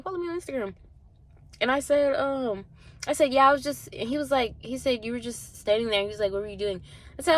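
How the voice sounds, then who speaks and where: Chatty young woman telling a story. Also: on the high side. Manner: animated, acts out voices in quotes, frequent "like" and swearing. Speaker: vlogger. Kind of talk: casual storytime chat. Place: gym.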